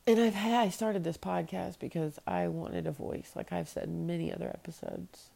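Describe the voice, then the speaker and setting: Woman, late thirties, solo podcast host, lowish voice, very gravelly fry, blunt, profane, venting. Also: steady tone, normal speed, mellow. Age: late 30s.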